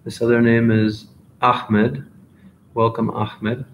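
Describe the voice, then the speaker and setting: A man answering viewer questions in a live online English class, in a relaxed and encouraging teacher's manner. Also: mid-range voice, slow, reverberant, a little hiss or hum, rough recording. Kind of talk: live Q&A office hours.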